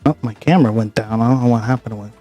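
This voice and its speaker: A man's voice: mid-range voice, rapid-fire, dark tone, muffled recording, soft background music. A man hosting a livestream, chatting casually and profanely with his viewers. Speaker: livestream host. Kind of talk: casual stream chat.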